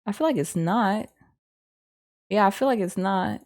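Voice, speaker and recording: Woman, course instructor, warm low-toned voice, casual talk, hesitant, lots of fillers, self-correcting. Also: animated, unhurried. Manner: rambling, hesitant, frequent ums and self-corrections. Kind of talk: casual unscripted teaching, thinking aloud.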